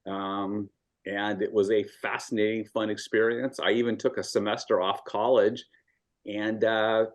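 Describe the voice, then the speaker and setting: A man in his sixties with a fairly low voice chats as a guest. He tells stories in a measured, thoughtful way, pausing on ums. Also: level tone. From Southern California. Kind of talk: casual video-call conversation.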